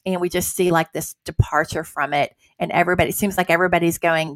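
A woman's voice: lowish voice, steady tone, quick pace, no room sound. A woman hosting a casual Christian talk, earnest and conversational with many fillers. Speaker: host.

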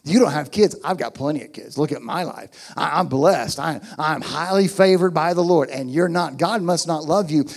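A man's voice: a little high, moderate pace, vocal fry, few pauses. A man voicing a boastful rival wife who mocks a childless woman, acted out in a sermon. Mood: mocking. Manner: mocking, boastful.

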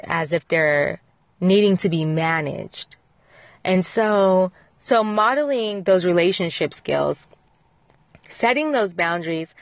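A woman's voice: fairly low pitch, dry recording. A middle-aged woman hosting a parenting show, giving earnest, reflective advice in casual talk with fillers and restarts. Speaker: parenting podcast host.

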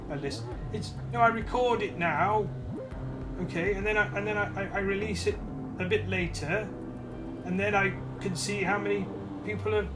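A man with a fairly high voice delivers a deadpan, mock-serious comic monologue into his phone's microphone. He gets flustered and stammers whenever he is interrupted. Music plays clearly under him. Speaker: podcast host.

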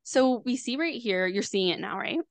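A woman's voice: a little high, animated, normal speed, no echo. A woman astrologer explaining things casually on a video call, chatty, with lots of fillers and restarts. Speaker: astrologer guest.

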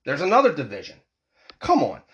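A man's voice: a little high, wildly swooping pitch, brisk, dull audio. A man in his forties from the United States, ranting angrily and profanely as a vlogger, with heated repeated restarts. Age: 40s. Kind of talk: angry political rant.

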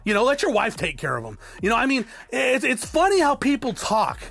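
High-voiced man ranting bluntly. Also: wildly swooping pitch, fairly quick, gravelly, fairly bright tone. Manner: blunt, swearing often, repeats words when worked up. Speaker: podcast host. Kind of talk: profane ranting monologue.

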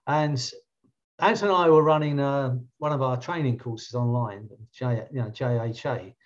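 A man's voice: mid-range voice, highs cut off. An English man with an English accent, a coach telling stories in casual podcast chat, with many restarts. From England. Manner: storytelling, chatty, many restarts. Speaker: coach and trainer.

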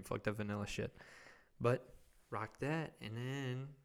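A man's voice: mid-range voice, slow, creaky, long pauses, smooth. A young man hosting a solo comedy podcast, rambling and self-mocking, swearing constantly. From Wisconsin. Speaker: podcast host.

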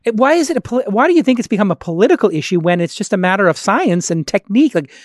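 A man's voice: high-pitched, expressive, very fast, no echo, clean studio sound. A man hosting a podcast, talking in a casual, chatty way and thinking aloud as he goes. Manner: talkative, thinks aloud, restarts sentences. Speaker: podcast host. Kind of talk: casual conversational discussion.

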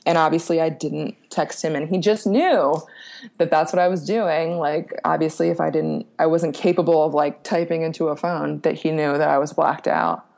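Low gravelly-voiced woman telling her story. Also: steady tone, moderate pace, darkish tone. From Pennsylvania, USA. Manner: frank, lots of fillers, swears casually, laughs at herself. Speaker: podcast guest. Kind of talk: candid personal storytelling.

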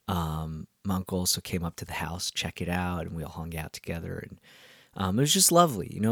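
A man's voice: sits low, creaky, dry recording, studio quality. A man who hosts a podcast, telling stories from his week in a rambling casual way, with many ums and restarts. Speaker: podcast host and musician. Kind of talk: casual storytelling monologue.

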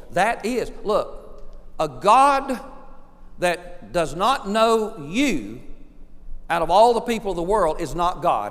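Man preaching animatedly in an echoing hall. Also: a little high. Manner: animated preaching with dramatic pauses, swings between soft and loud. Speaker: pastor. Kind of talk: sermon. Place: church sanctuary. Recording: long reverb of a large hall.

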